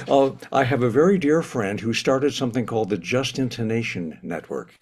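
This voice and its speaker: An older man speaks with real enthusiasm, and his pitch moves animatedly as he tells stories and laughs often. He sounds like a casual guest at an online ceremony. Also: expressive, moderate pace, darkish tone, slightly rough. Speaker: honorary president of the institute.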